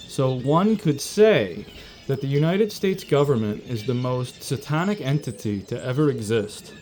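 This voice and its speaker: A man feeding squirrels and birds outdoors, cooing softly at them and drifting into a rambling political monologue. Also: medium pitch, slight background noise. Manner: coos softly to animals, then rants about politics. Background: birdsong and outdoor ambience.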